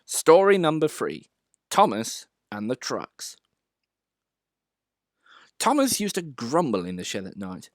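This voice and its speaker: Man narrating a storybook, animated. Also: medium pitch, slow pace, long pauses, no room sound, clean studio sound. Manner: expressive reading aloud.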